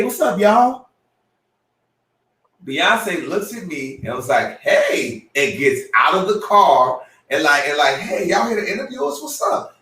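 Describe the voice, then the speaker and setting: A podcast co-host with a fairly high voice spins an animated story at a live podcast show, sounding off-mic and distant in an echoey, roomy space. He's excitable, acting out quotes with big jumps in pitch.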